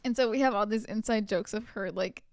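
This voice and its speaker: A woman's voice: mid-range voice, a little fast, no room sound, studio quality. A young adult woman co-hosting a podcast, chatty and teasing in casual conversation. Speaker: podcast co-host. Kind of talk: casual chat.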